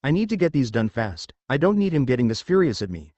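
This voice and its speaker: A man voicing a guarded masked young male thief, outwardly calm but inwardly anxious, in a fan story reading. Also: mid-range voice, fast talker, no echo, muffled recording. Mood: worried.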